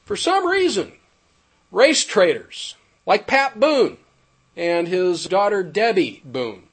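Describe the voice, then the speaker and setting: A man reading a prepared text aloud in a formal, measured way with ornate wording. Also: sits high. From United States.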